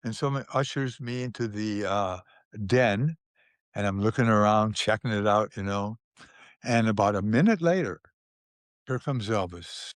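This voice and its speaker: An older man, a guest in an interview, telling anecdotes in an unhurried way, with restarts and small chuckles. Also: fairly low pitch, dry recording.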